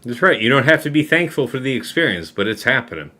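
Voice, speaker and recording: Lively, tipsy male game streamer. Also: medium pitch, quick pace. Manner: loud, teasing banter. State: tipsy from drinking. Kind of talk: casual chat while gaming.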